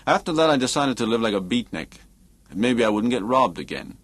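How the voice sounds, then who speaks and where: A man's voice: medium pitch, big pitch swings, brisk. A man doing a scornful blunt painter. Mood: sardonic. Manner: cutting, dismissive. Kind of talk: audiobook character reading.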